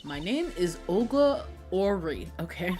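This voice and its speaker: A woman voicing a nervous female waitress witness in a game, in a weak put-on Russian accent and halting broken English. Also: lowish voice, big pitch swings, darkish tone. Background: game music.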